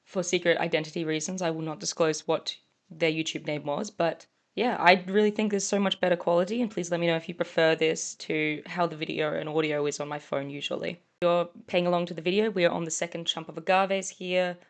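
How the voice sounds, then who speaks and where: A woman's voice: lowish voice, level tone, brisk. A young woman from Australia with a mixed English and Australian accent, narrating her own vlog in a chatty, rambling, self-deprecating way. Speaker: vlogger. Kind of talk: casual voice-over narration.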